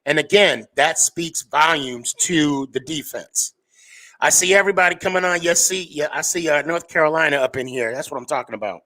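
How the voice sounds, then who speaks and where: A man hosts a live sports podcast, talking loosely and casually with plenty of fillers and restarts. His voice sits a little high for a man. He rambles from one point to the next in a relaxed way. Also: moderate pace.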